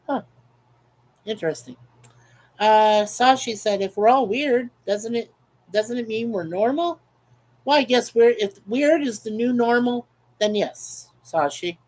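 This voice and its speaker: A man's voice: very high voice, expressive, measured pace, pauses often. Chatty man reading out live chat. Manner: reads viewer comments aloud, chatty and playful. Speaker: livestream host. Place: home in Canada.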